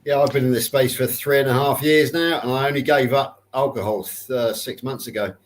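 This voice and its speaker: A man's voice: medium pitch, fairly quick. A man speaking as a podcast co-host in a casual, chatty and upbeat way.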